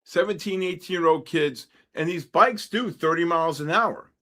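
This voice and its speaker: A wisecracking trading streamer from New York talks at a moderate pace in a fairly high voice. It's casual chat during live trading, full of rambling tangents, animated stories between market calls, and asides to his chat.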